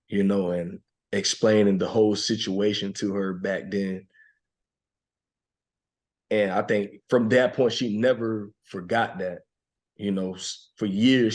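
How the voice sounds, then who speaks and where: A man in his thirties, a podcast guest, telling a personal story in a reflective, emotional, soft-spoken way, laughing now and then. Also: on the low side. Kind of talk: heartfelt conversational storytelling.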